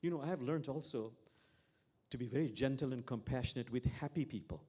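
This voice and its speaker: Reflective imam telling stories. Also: male voice, medium pitch, fairly quick, dark tone, breathy edge. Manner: reflective, repeats key phrases. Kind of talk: sermon with storytelling.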